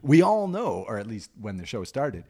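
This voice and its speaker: A man's voice: mid-range voice, sing-song, moderate pace, darkish tone, husky. A man co-hosting a podcast who lays out his argument step by step and checks in with the others as he goes. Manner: explanatory, checks in with "right?". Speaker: podcast co-host. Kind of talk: casual discussion.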